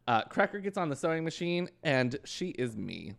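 A man co-hosting a podcast in casual chat, joking and telling animated stories as he recaps a TV show. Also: a little high, moderate pace, vocal fry. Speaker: podcast co-host.

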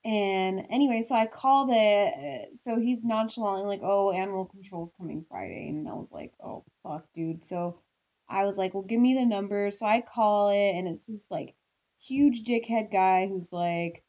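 A pregnant young woman in casual chat, excitable and swearing as she retells events. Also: mid-range voice, normal speed. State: pregnant, almost six months.

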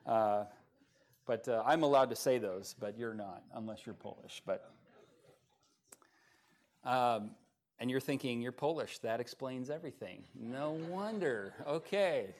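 A man preaching as pastor at a church service, with folksy humor, swinging from quiet asides to loud, rising passages. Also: mid-range voice, animated, takes it slowly, long pauses. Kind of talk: sermon.

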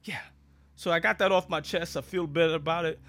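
With a slightly high, fairly bright voice and a steady tone, this vlogger talks fast. He chats casually to camera, telling sarcastic, rambling stories packed with fillers and restarts.

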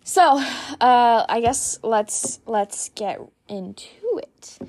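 A woman's voice: a little high, expressive, extremely slow, a little mellow. A young woman hosting her own solo podcast, chatting casually in a hyped-up, giggly, rambling way. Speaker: podcast host.

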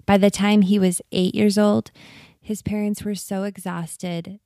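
Woman doing documentary voiceover, dark gravelly voice, dry sound. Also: mid-range voice, level tone, a little slow, dry recording. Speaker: documentary narrator. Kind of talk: scripted narration.

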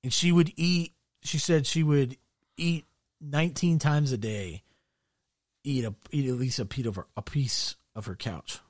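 A man in casual chat, telling crude stories with glee and dropping his voice low for the punchlines. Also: unhurried, no room sound, clean studio sound. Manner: crude, gleeful storytelling, drops voice low for punchlines.

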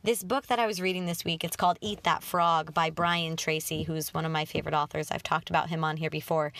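A woman's voice: lowish voice, a bit bright, no echo. A woman in her twenties hosting a self-help podcast in a chatty, self-deprecating way with many fillers. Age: 20s. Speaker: podcast host. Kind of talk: casual self-help talk.

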